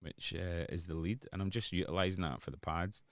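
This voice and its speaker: Scottish producer, deep voice, dry close sound, jokey rambling stream banter. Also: male voice, fairly quick, no room sound. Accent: Scottish, Glasgow area. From Scotland. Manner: joking banter with chat, rambling. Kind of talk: casual livestream chat while producing.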